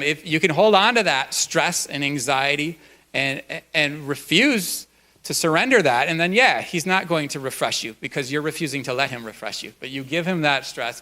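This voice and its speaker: A man's voice: medium pitch, bright, forceful tone. Folksy, conversational male pastor. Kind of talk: sermon. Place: church.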